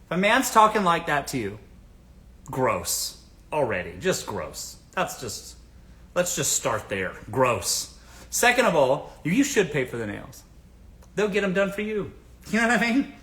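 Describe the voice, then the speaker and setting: A man's voice: high-pitched, very animated, a little fast, a bit bright. A man from the American South hosting a casual livestream, giving blunt dating advice, swearing freely and asking the audience rhetorical questions.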